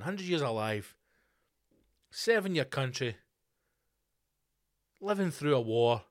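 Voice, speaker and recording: A man hosting a podcast, ranting in a profane, rambling comic monologue. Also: mid-range voice. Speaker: podcast host.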